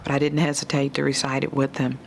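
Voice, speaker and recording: Man interviewee, calm and steady, gravelly, utterly flat delivery. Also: mid-range voice, fast, very noisy. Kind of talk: documentary interview.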